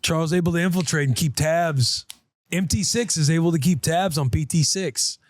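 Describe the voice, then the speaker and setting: A man in his thirties co-hosting a podcast, telling a family story in casual chat and acting out the quotes in higher voices. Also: normal speed, no echo. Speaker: podcast co-host.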